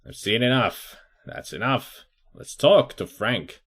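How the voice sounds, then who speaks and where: Man musing through a game, lively pitch. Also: takes it slowly, breathy edge. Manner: reads game text aloud, musing to himself. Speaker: let's player. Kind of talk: casual game commentary.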